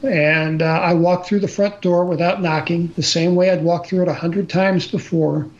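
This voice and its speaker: A man's voice: high-pitched, fairly even intonation, moderate pace. An older man telling a personal story in conversation, plain and earnest, often restarting and using fillers. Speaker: guest storyteller. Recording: slightly dull audio with faint noise.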